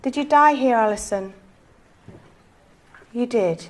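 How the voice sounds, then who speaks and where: Woman running a seance, high voice, soft and coaxing, keeps pleading. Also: takes it slowly. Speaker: séance leader. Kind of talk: ghost-hunt séance questioning.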